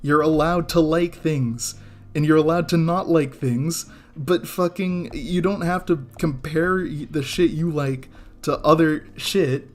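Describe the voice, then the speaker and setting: A man ranting casually on a live drawing stream, getting heated, swearing and stumbling over restarts before apologizing. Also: on the high side. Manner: heated, swearing, many restarts and self-corrections. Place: home studio with background music.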